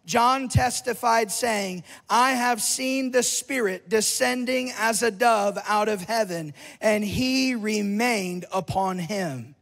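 A man preaching a revival sermon in a church, fervent, with a sing-song cadence and shouted peaks. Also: sits high, slow, gravelly, hardly any pauses. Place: large church hall. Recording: long church reverb.

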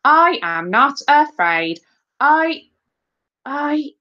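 Casting: woman playing a boastful, loud schoolboy, raised pitch, slow, muffled audio. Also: very animated, full character voice. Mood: faltering. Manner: loud, stumbling over lines.

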